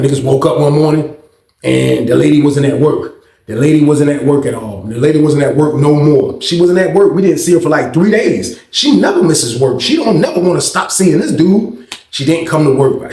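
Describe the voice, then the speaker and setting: A man vlogger telling a personal story in casual, profane talk, animated and acting out the other voices. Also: fairly high pitch, gravelly. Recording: roomy echo.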